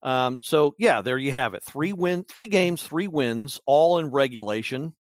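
A man's voice: medium pitch, expressive, measured pace, no echo. Rambling man on a dry mic. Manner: rambling, filler-heavy, wry. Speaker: podcast host. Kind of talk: casual sports podcast chat.

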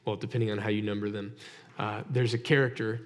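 A man's voice: lowish voice, little pitch movement, fast talker. A male pastor preaching a sermon in a conversational way, asking his listeners direct rhetorical questions. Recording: long hall reverb.

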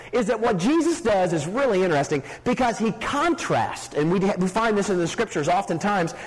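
A man's voice: high voice, in a large hall, low-quality recording. A young man preaching a sermon and leading prayer, earnest and emphatic, often repeating his words for stress. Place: church meeting hall.

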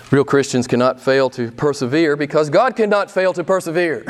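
Guy preaching a sermon, kinda high voice, punchy rhetorical questions, loud then soft. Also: normal speed, few pauses. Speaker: pastor.

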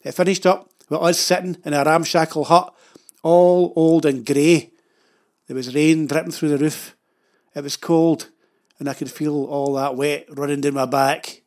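A man's voice: on the high side, level tone, unhurried, darkish tone, close to an everyday voice. A man doing a bossy Scottish wife. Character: bossy, sharp-tongued wife, a grown woman.

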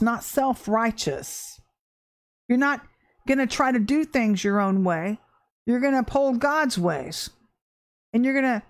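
A woman preaching an informal livestream sermon, earnest and animated, repeating phrases for emphasis. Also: sits high. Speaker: preacher hosting a livestream devotional.

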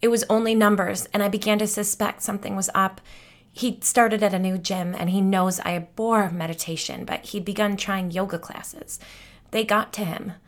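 A woman's voice: medium pitch, fairly even intonation, moderate pace, close to an everyday voice. A woman voicing a frightened, frantic adult woman who speaks in a panicked, breathless, pleading way.

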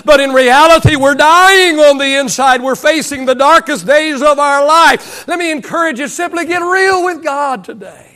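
A male pastor delivering an impassioned sermon in a strikingly high, bright voice. He repeats key phrases for emphasis and lets his lines fade away quietly at the end. It sounds like a live church service. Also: normal speed, hardly any pauses.

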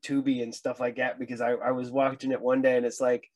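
A man's voice: medium pitch, flat delivery, fast. A middle-aged man hosting a casual chat, stammering and restarting as he tells stories and acts out what people said. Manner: chatty storyteller, stammers and restarts, acts out quoted voices. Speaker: host.

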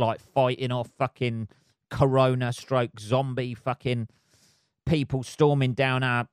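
Male podcast host, solo and rambling, sweary and self-mocking, smooth clean voice, very dry sound. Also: mid-range voice, no room sound. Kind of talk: casual solo monologue. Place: flat at home below noisy neighbours.

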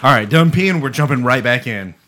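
A man co-hosting a podcast in casual chat, profane and excitable, arguing with emphasis. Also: medium pitch, brisk, slight background noise. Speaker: podcast co-host.

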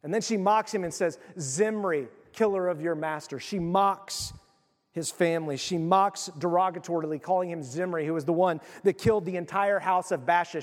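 A man's voice: sits high, big-room sound. A middle-aged male pastor preaching a sermon in a conversational, emphatic way.

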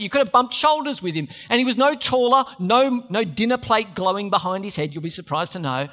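A man's voice: extremely high pitch, a bit bright. A man preaching a sermon, conversational, with joking asides to the congregation.

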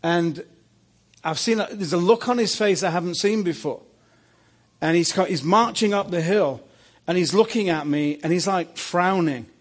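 A preacher telling a dream story in a sermon, animated, with stammers and restarts. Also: male voice, high-pitched, moderate pace.

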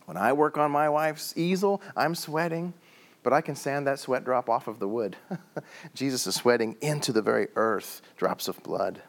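A middle-aged man preaching a sermon, telling stories and dropping his voice low for emphasis. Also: moderate pace. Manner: storytelling with acted quotes and sudden quiet drops. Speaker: pastor.

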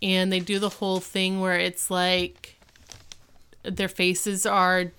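Woman co-host, casual recap, easygoing storyteller, very clear tone. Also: on the low side, monotone, slow pace, bright, forceful tone. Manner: rambling retelling full of "like" and "um". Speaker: podcast co-host recapping an episode. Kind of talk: casual chat.

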